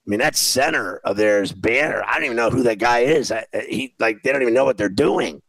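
A man's voice: mid-range voice, brisk, creaky, a bit bright, a little hiss or hum, poor audio. A man hosting a sports talk show, ranting in exasperation about a game as he watches it and repeating himself. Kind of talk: casual sports radio chat while watching a game.

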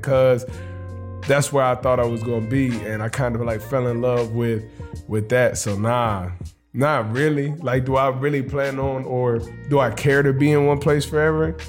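A man in his late twenties who plays pro football, giving a candid, loose interview answer full of slang fillers. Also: medium pitch. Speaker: football player.

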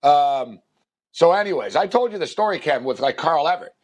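A man's voice: a little high, fairly quick. A man on a talk show telling a long anecdote in a casual, rambling way, full of fillers and restarts. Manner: rambling, filler-heavy, animated impressions in quotes. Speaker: radio show host. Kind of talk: casual storytelling chat.

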